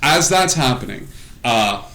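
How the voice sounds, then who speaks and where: A man narrating as game master in a tabletop game, rambling with lots of fillers and animated storytelling. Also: mid-range voice, measured pace, low-quality recording.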